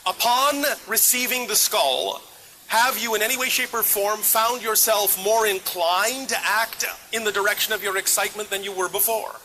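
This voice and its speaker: A man's voice: high voice, normal speed, bright, forceful tone, slight background noise, rough recording. A man speaking as a channeled otherworldly male entity, answering questions in clipped, emphatic, probing sentences. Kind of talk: live channeling session Q&A.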